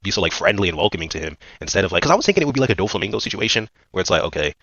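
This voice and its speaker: A man's voice: deep voice, big pitch swings, very fast, a bit bright, breathy edge, no room sound, dull audio. A man giving a casual, rambling recap of a manga chapter, full of fillers and slang. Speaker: manga commentator.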